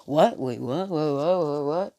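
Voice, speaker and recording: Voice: medium pitch, expressive, normal speed, darkish tone, no echo, close to an everyday voice. A narrator voicing a timid, confused teenage boy hero who stammers out repeated questions, in a fan-made spoken story. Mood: startled.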